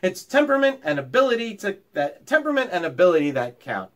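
A man reading aloud and voicing a tiny, self-assured mouse who teaches a class, in a crisp, bossy, matter-of-fact way. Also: high voice, big pitch swings, quick pace, a bit bright, voice pushed up. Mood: lecturing.

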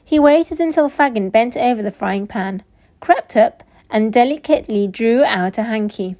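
A woman teacher reading a children's storybook aloud with slow, expressive narration. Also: on the high side.

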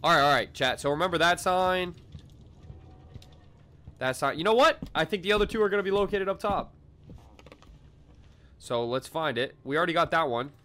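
A young man giving casual gameplay commentary, excitable and swearing a lot as he shouts at the game. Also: a little high, normal speed, long pauses. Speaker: gaming video creator.

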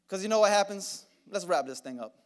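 Male pastor, high voice, sermon in a church, soft-to-loud swings, repeats for emphasis. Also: animated, a little fast. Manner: swings from hushed whispers to shouted outbursts. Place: church sanctuary.

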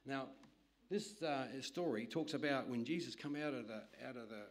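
A man's voice: mid-range voice, normal speed. A middle-aged man preaching a sermon, telling rambling personal stories in a conversational way with frequent restarts.

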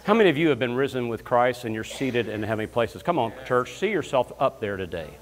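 A man preaching as a guest minister, telling comic stories and breaking into loud shouts of praise. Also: mid-range voice, lively intonation, fast. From Alabama, US South. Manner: storytelling with bursts of shouting praise. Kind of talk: lively comedic sermon. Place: church sanctuary. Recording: long church hall reverb.

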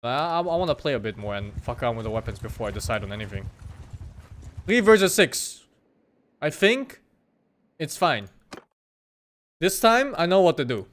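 Hyped streamer guy yelling at his game, swears a lot, voice jumps all over. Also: mid-range voice, a little fast, pauses often, a little hiss or hum. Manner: excitable, swears, loud outbursts at the game. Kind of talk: live gameplay commentary.

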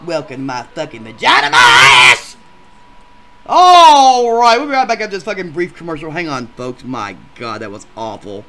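Crude rowdy contestant, voiced by a man, profane rambling storyteller, bright forceful tone, pitch swinging wildly. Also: expressive, normal speed, hardly any pauses. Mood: ranting. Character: crude rowdy adult male gameshow contestant. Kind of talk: comedic machinima voice acting.

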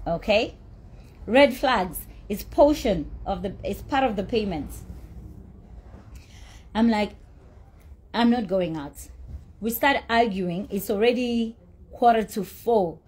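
Husky, blunt woman. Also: fairly high pitch, a little mellow. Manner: blunt, profane, indignant. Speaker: socialite telling her side. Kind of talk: heated storytelling rant.

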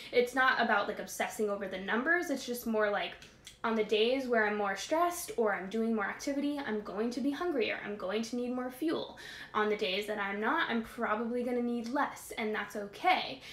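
A woman's voice: medium pitch, a bit bright, roomy sound. A young woman wellness coach answering viewer questions in a casual live Q&A, chatty and emphatic with many fillers.

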